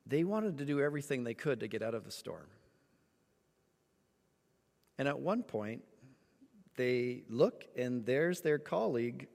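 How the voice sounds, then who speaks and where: A man preaching a sermon, telling a story with lively acted-out moments. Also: mid-range voice, big-room sound. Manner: animated storytelling, acts out voices. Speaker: pastor.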